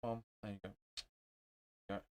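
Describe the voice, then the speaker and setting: A young man hosting a live football watch-along, calling the play in short bursts, reading out viewers' comments and getting excited and swearing at his team. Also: moderate pace.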